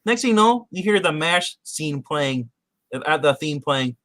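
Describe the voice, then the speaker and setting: A man's voice: a little high, animated, unhurried, fairly bright tone, no echo. A man on a podcast casually recapping a TV episode, rambling with many restarts and acting out quotes. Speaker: podcast co-host.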